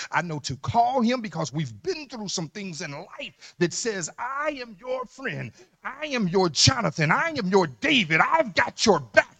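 A man preaching a sermon as pastor in a church, emphatic, dropping to low murmurs and rising to loud shouts. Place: church sanctuary.

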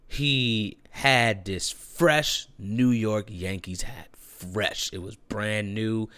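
Young man, casual storyteller; bright, animated, profane. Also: on the low side, no echo, studio quality. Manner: animated, profane, laughing, lots of fillers.

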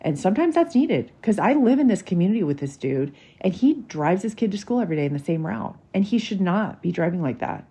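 A woman's voice: mid-range voice, big pitch swings, a little fast, few pauses, warm tone, husky. A woman, hosting a podcast and telling a personal story in a candid, emotional, chatty way. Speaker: podcast host. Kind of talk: casual storytelling monologue.

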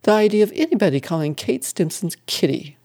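A scornful church gossip scoffs at the rumors, as a reader puts her on. She speaks with firm confidence in a mellow, dark voice. It comes from an old-fashioned storybook. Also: mid-range voice, lively intonation, brisk. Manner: scornful and sure of herself.

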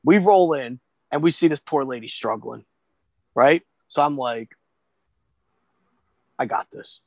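A man telling a story in casual chat, animated and profane, acting out the voices of the people he quotes. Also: a little high, moderate pace, dry recording.

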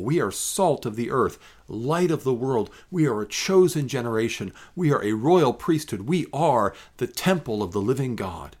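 A man's voice: mid-range voice, animated, normal speed, hardly any pauses, a little mellow. A man, a pastor, reads scripture aloud and then comments on it in an emphatic, conversational devotional. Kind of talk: Bible reading and devotional commentary.

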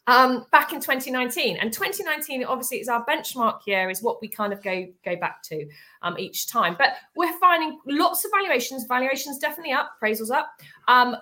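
Woman co-host, chatty and easy laugher; high, bright voice. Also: animated, a little fast. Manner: chatty, laughs easily, many fillers. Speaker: estate agency co-host. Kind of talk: casual industry chat.

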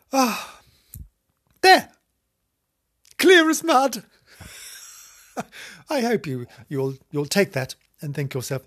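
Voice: medium pitch, sing-song, slow pace, pauses often, fairly bright tone. A host giving a rambling, theatrical comic monologue, giggling, mocking themself and drifting off on tangents.

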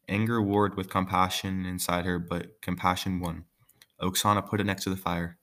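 A man's voice: low-pitched, little pitch movement, normal speed, fairly bright tone. A man reading a folk tale aloud, breaking off for joking, offhand asides. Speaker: story reader.

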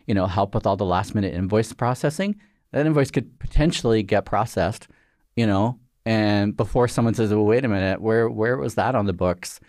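Low-voiced Canadian official, rambling. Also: male voice, a little mellow, dry recording, studio quality. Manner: rambling, filler-heavy, earnest. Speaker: regulator official, guest. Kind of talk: conversational interview.

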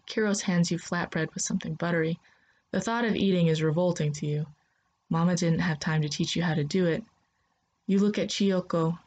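A woman narrating a sci-fi story in the second person, in a calm, steady storytelling manner. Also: sits low, normal speed.

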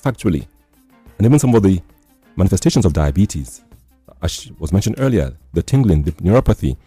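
A deep, dark-voiced man hosts a radio health show in a measured, steady way, often summing up what his guest has said. His voice has a slightly husky edge. The studio sound is dry, with faint music underneath. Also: no room sound. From Nigeria. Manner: measured, repeats and sums up guest's points. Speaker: radio host.

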